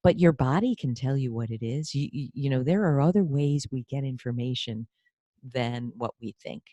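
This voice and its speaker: A woman's voice: rumbling low, normal speed, dry recording, lo-fi sound. Effusive woman hosting a podcast. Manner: effusive and animated, tells personal anecdotes. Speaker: podcast host and career coach. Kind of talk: conversational podcast interview.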